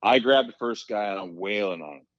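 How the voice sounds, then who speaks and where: Low-voiced man telling animated stories. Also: brisk, dry recording, muffled recording. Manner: animated storyteller, acts out quotes. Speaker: podcast guest, former hockey player. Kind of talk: casual storytelling.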